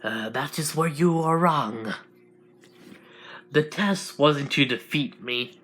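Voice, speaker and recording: Solemn ancient alien guardian, slow and preachy, unhurried delivery, read by a man. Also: a little high, a bit bright. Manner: slow moralizing speeches with restarts.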